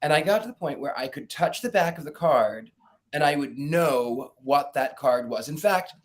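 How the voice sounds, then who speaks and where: A middle-aged man talks as a guest in a relaxed interview, his voice placed a touch higher than most men's. He tells his stories with a lot of animation, acts out the people in them and laughs often as he goes. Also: moderate pace. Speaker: psychic guest. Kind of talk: casual storytelling interview.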